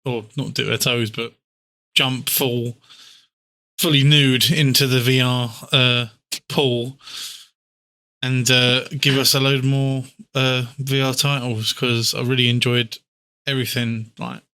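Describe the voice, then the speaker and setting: A man co-hosting a casual gaming podcast. He talks haltingly, with many fillers and restarts, and swears freely. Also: medium pitch, level tone, pushed and bright. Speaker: podcast co-host.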